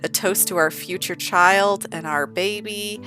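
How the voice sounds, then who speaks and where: A woman voicing a sweet, affectionate young man who flatters his girlfriend, in playful game commentary. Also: mid-range voice, a little slow, soft background music. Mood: excited. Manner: affectionate, earnest.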